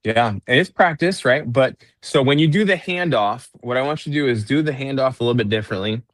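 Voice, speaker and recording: A man's voice: medium pitch, fairly quick, no echo. A man coaching real estate agents on a group call, teaching step by step and acting out sample lines to clients.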